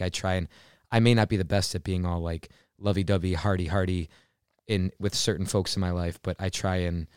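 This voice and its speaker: A man's voice: low-pitched, smooth, no room sound, clean studio sound. A man co-hosting a podcast, talking in a casual, reflective and thoughtful way. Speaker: podcast co-host. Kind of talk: casual chat.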